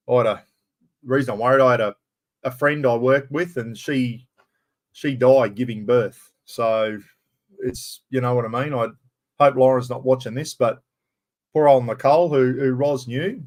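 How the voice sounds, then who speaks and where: A man's voice: mid-range voice, steady tone, moderate pace. A middle-aged man from far north Queensland with an Australian accent, rambling and greeting viewers by name as the host of a casual live stream.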